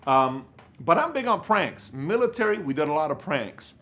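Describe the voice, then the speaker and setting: A man giving a motivational business talk, telling stories in an animated, rambling way with many fillers. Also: on the high side, normal speed. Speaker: company leader giving business advice.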